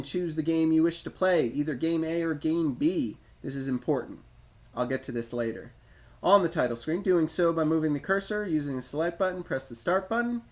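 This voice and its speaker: Male livestream host, slightly raised pitch, casual manual read-through with offhand self-mocking asides. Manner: chatty, self-deprecating, reads instructions then riffs on them. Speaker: retro gaming livestream host. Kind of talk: casual commentary reading a game manual aloud.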